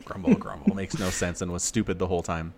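A man co-hosting a podcast, in casual, animated chat with sarcastic asides. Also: low voice, fast, slight background noise. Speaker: podcast co-host.

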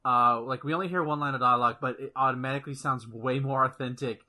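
Bright-voiced excitable young-sounding man. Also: mid-range voice, quick pace. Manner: rambling, excitable, swears freely. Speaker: podcast co-host. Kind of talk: casual gaming news chat.

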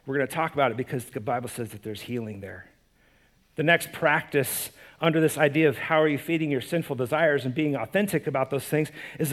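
High-voiced man preaching a sermon. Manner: conversational, animated, frequent restarts and repeated words. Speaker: pastor.

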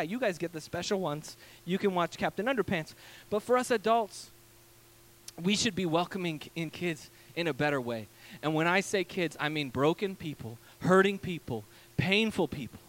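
A man, a pastor in his thirties, preaching a casual storytelling sermon from a church stage, animated and full of fillers. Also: sits high. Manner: animated, acts out quoted voices, many fillers.

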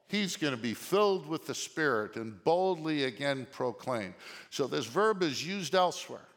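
A male pastor preaching a sermon in an animated way, often asking the congregation questions. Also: on the high side. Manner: animated, asks the congregation questions, shouts quoted lines. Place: church sanctuary. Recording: long reverb of a church hall.

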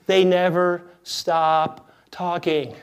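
A man with a high, light voice delivers a sermon as a pastor. He keeps it conversational and jokey. He drops to near-hushed lines and then lifts back to full, energetic volume. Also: extremely slow, smooth. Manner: conversational, jokey, swings between hushed and loud.

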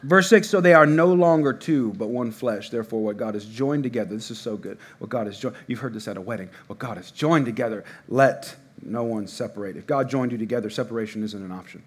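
A man in his thirties preaching a sermon in a church, casual and conversational with sudden loud bursts. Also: medium pitch, brisk, few pauses, husky. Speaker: pastor. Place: church hall before a congregation.

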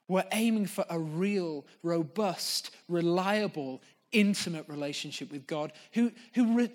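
A man preaching a sermon as pastor of a church, speaking earnestly and off the cuff, reflective between points. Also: sits high. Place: church gathering.

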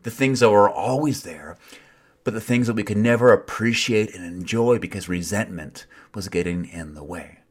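A man giving a reflective sermon in an earnest tone, with wry self-mocking asides and soft whispered passages. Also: fairly low pitch, moderate pace. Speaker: preacher.

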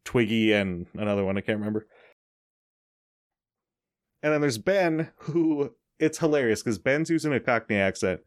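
A man's voice: mid-range voice, animated, moderate pace, long pauses. A man hosting a casual podcast chat, explaining things in a loose, chatty way with frequent laughs. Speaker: podcast host.

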